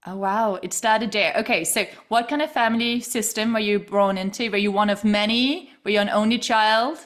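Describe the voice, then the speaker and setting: A woman's voice: mid-range voice, steady tone, moderate pace, fairly bright tone. A woman hosting a casual studio interview, gushing and enthusiastic with her guest. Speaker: podcast host.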